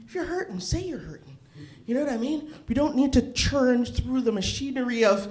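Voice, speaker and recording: A middle-aged woman doing a stand-up comedy set, profane and animated, laughing at her own jokes. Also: a little high, a little fast, echoey room. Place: bar open mic stage.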